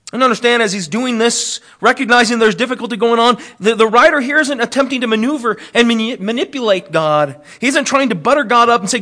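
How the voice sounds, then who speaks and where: High-voiced man preaching with wide swings. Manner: preaching with wide swings in pitch and loudness, slowing on key phrases. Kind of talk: expository sermon.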